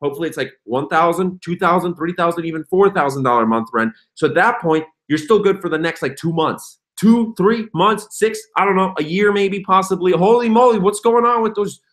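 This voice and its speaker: An excitable young man chats loosely on a livestream, rambling from one thought to the next and stopping to read comments aloud. His voice sits a little high and swings widely in pitch as he gets hyped. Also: brisk, hardly any pauses. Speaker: crypto livestream host. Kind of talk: casual livestream chat.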